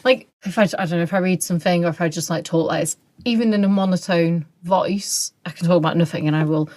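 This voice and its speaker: A woman's voice: on the low side, fairly even intonation, racing, darkish tone. A woman co-hosting a podcast, chatting casually with lots of likes and restarts. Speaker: podcast co-host. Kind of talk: casual chat.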